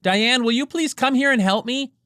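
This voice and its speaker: A man voicing a brisk, polite dentist calling out in an audiobook. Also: fairly high pitch, very animated, a bit bright, no room sound, clean studio sound, pitched above the performer's own voice.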